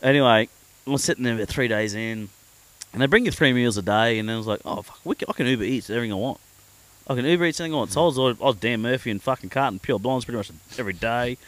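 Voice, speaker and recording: A man's voice: medium pitch, racing. An Australian man, a podcast guest, telling a story in casual, heavily sweary talk. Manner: swears constantly, animated storyteller. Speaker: podcast guest, pro angler.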